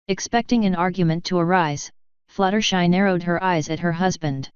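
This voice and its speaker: A woman narrates a story in a steady storybook reading with a low, very clear voice. The recording is dry and close. It sounds a little muffled. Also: normal speed, no echo. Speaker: fanfiction reader.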